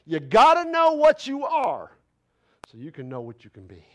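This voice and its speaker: A male pastor preaching a passionate sermon, asking rhetorical questions in casual folksy phrasing and rising to loud, emphatic declarations. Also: very high-pitched, huge pitch swings, moderate pace. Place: church sanctuary.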